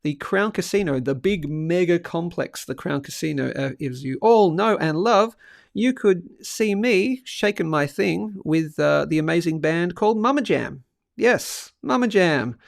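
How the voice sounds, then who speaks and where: A man's voice: fairly high pitch, animated, unhurried, gravelly, dry recording, studio quality. A man hosting a casual livestream, joking around and reading out viewer comments. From Australia. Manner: chatty, jokey, reads out viewer comments. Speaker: livestream host.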